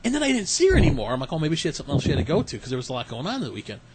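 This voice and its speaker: A man's voice: on the high side, wildly swooping pitch, rapid-fire, very noisy. A man co-hosting a podcast, chatting casually and rambling through stories with acted-out quotes. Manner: rambling storyteller, acts out quotes. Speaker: podcast co-host. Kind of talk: casual chat.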